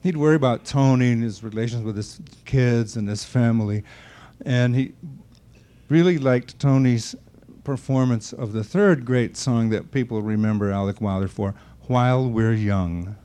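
A man's voice: medium pitch, normal speed, warm tone, clean tone. An older man being interviewed, telling anecdotes about an old friend and acting out the remarks he quotes. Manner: anecdotal storyteller who acts out quoted remarks. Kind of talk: reminiscing conversation.

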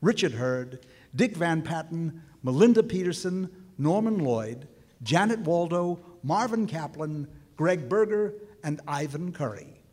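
A man gives a formal radio announcement of a play and its cast. His voice is slightly husky and rises and falls with life. A long reverb trails behind every phrase. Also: a little high, animated, a little slow, darkish tone.

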